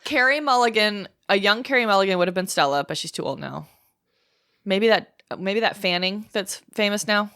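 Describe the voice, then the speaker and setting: A woman's voice: medium pitch, normal speed, a bit bright, clean tone. A woman co-hosting a casual book club podcast, chatty and full of playful asides. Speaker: podcast co-host.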